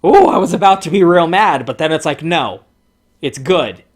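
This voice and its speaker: A man giving a profane, sarcastic commentary while reading from comic panels. He swings between excited outbursts and mocking lows. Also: normal speed. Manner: sarcastic, profanity-laden ranting. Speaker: comic book reviewer.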